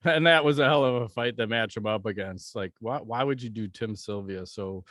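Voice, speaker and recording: A man's voice: on the low side, normal speed, fairly bright tone, no echo, clean studio sound. Blunt, cursing man on a podcast. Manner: blunt, profane, joking. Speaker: podcast co-host. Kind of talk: casual podcast chat.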